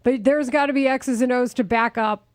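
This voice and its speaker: A woman co-hosting sports talk radio, briskly making points and taking calls. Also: on the high side, steady tone, dry recording, studio quality.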